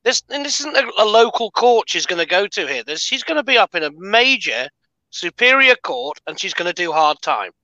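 Bright, high, jokey British man. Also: very animated, fairly quick, dry recording, dull audio. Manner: effusive, jokey, congratulatory. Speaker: guest. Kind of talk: casual livestream chat.

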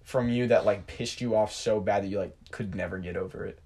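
A young man hosting a podcast, telling animated, crude stories and swearing freely in casual chat. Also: lowish voice, brisk, slight background noise. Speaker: podcast host.

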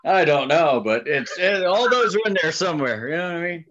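A man's voice: on the high side, expressive, fairly quick, fairly bright tone. A man co-hosting a casual podcast, talking in a laid-back way with short, easygoing replies. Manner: laid-back, short replies, says "you know what I mean". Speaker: podcast co-host. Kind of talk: casual chat. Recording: dull lo-fi recording.

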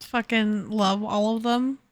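A woman's voice: medium pitch, fairly even intonation, slow. A woman co-hosting a casual book podcast, emotional and swearing often, laughing as she talks. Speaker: podcast co-host.

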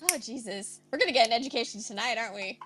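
A woman's voice: a little high, animated, fast, background noise. A woman co-hosting a casual podcast chat, giggly and teasing in her reactions. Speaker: podcast co-host.

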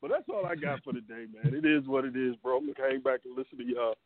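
A man calling into a sports talk show, ranting in an animated, exasperated way. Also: medium pitch, fast talker, no echo. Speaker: regular caller. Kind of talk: casual sports talk call-in. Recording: dry tinny phone line.

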